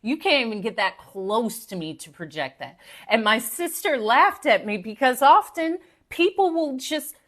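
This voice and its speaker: Animated high-voiced woman, live-stream pep talk. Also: measured pace, few pauses. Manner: animated, preachy and playful, talks to viewers directly. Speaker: motivational speaker and live-stream host.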